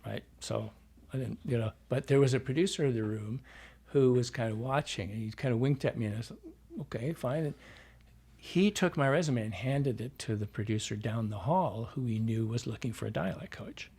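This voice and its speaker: A man from Iowa working as a dialect coach, telling animated stories as a podcast guest and acting out the dialogue he quotes. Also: mid-range voice, moderate pace, slightly rough. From Iowa, US Midwest. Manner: animated storyteller who acts out quoted dialogue. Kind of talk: casual podcast storytelling.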